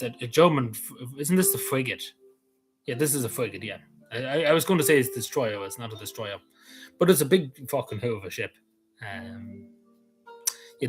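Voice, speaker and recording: An Irish man talks at an ordinary, mid-range pitch in loose, rambling vlog commentary. He stumbles through restarts and frequent ums and swears casually. A faint guitar plays softly behind him. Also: rough recording. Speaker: vlogger.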